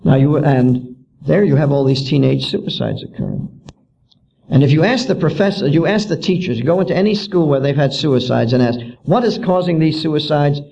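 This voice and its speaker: A man's voice: medium pitch, expressive, brisk, gravelly, dark tone, muffled recording, a little hiss or hum. A man giving a public lecture as an author, indignant and full of rhetorical questions.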